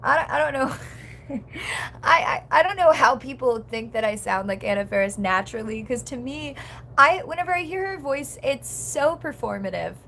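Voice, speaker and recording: Young woman streamer, high voice, chatty and rambling, fillers everywhere; casual chat with viewers. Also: animated, normal speed, creaky, bright, forceful tone, slight background noise. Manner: reads chat comments aloud. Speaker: livestreamer.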